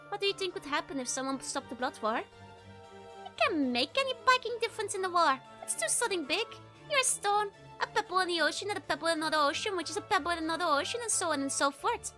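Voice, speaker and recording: A woman's voice: very high voice, sharp tone, exaggerated voice. A woman voicing a bitter, grizzled man who lectures on an endless war, in a put-on Scottish brogue. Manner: cynical, blunt.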